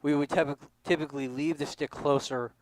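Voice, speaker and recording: A man giving a drum lesson, explaining stroke types and counting beats out loud. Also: a little high, steady tone, brisk, no echo, poor audio. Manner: explanatory, counts aloud with accents. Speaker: drum instructor. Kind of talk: demonstration lesson.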